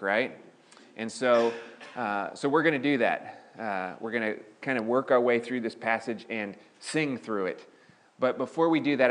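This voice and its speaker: A man's voice: mid-range voice, fairly bright tone. A male pastor giving a sermon in a church, talking casually with restarts and lifting his voice on key points. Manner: conversational preaching with frequent restarts, rising emphasis on key points. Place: church sanctuary.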